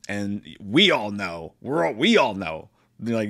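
A man's voice: fairly low pitch, a little slow, gravelly, dry recording. A man giving a casual, profane and joking spoken movie review. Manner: profane, joking, animated retelling.

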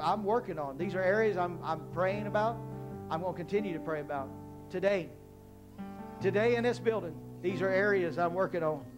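Male pastor, high voice, emphatic preaching, quiet guitar playing behind. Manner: preaching with rising, emphatic call-and-response. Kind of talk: sermon. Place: church hall.

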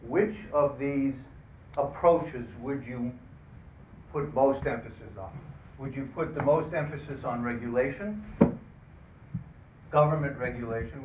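A man moderating a panel discussion, who introduces the guests and runs an audience poll in a halting way, with many fillers and dry asides. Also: mid-range voice. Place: conference room. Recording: phone-like, roomy, distant, faint hiss.

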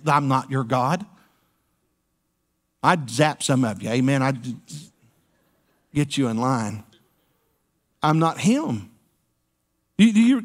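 Man, pastor, sermon, folksy, playful asides, high voice. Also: a bit bright. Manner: folksy, playful preaching with call-and-response asides. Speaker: senior pastor. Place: church sanctuary.

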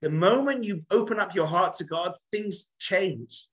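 A man's voice: sits high, measured pace, husky, dull audio. A man, a rabbi, giving a storytelling lecture to a group, acting out the quotes in his stories and asking his listeners questions. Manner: animated storyteller, acts out quotes in dialogue; addresses listeners directly, asks the room questions.

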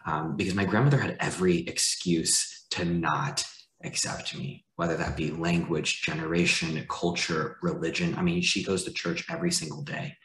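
Deep-voiced man telling a personal story. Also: fairly bright tone, reverberant, low-quality recording. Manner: candid and conversational, with light laughs. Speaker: panelist.

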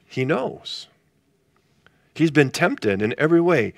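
A man's voice: a little high, big pitch swings, slow pace, vocal fry, pauses often, no echo, clean studio sound. A male pastor leading a casual Bible study, talking conversationally and asking the group questions.

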